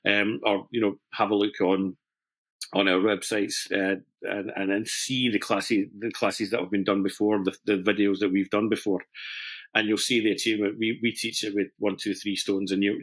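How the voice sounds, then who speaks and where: A man's voice: fairly low pitch, a bit bright. A middle-aged man, a master stone setter explaining a jewellery technique in chatty, self-deprecating conversation, with restarts and fillers.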